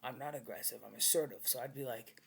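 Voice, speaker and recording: A man's voice: medium pitch, fast, vocal fry, breathy edge. A man talking in a rambling, casual monologue, blunt and profane with a swaggering edge.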